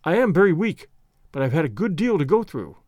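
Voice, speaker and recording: A man voicing a shaken young gentleman engineer. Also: a little high, big pitch swings, fairly quick, no echo. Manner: polite, weary, nervous.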